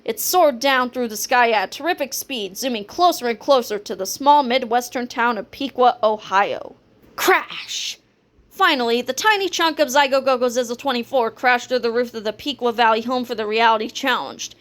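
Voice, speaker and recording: A woman reading a children's book aloud in a playful, lively storytelling manner. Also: fairly high pitch, normal speed. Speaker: reader.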